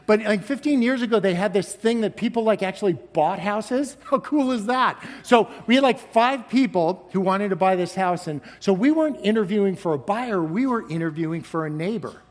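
A man giving a storytelling sermon as guest speaker, animated, laughing often and exclaiming. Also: sits high, normal speed, few pauses, big-room sound.

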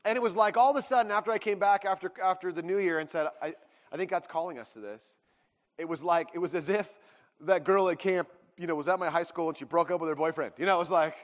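A man's voice: high voice, quick pace. A man in his thirties, a pastor telling his own story to a congregation, rambling with restarts and acting out quotes. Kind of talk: personal testimony to a congregation. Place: church sanctuary. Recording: long hall reverb.

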